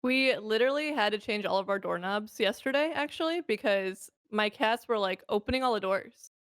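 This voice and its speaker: Female guest, relaxed and easygoing, mid pitch, dry sound. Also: moderate pace, smooth, no echo. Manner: relaxed, lots of "like" and "you know". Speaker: guest streamer. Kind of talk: casual interview chat.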